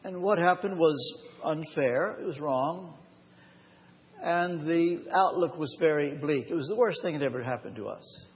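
A man preaching a live sermon, his voice sitting fairly high. He tells his story earnestly and drags out the key phrases for weight. The recording is dull and washed in long reverb from a large church hall. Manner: earnest, personal storytelling with emphatic slowed phrases. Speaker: pastor.

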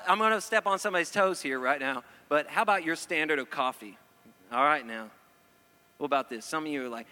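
A man preaching a sermon to a live audience, animated and joking, often asking the crowd questions. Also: fairly high pitch, fairly quick. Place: church hall before an audience. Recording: long hall reverb.

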